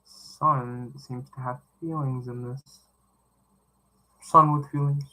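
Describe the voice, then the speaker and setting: A man's voice: medium pitch, steady tone, takes it slowly, bright, forceful tone, low-quality recording. A man reading a novel aloud, breaking off for chatty, wandering asides. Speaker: reader.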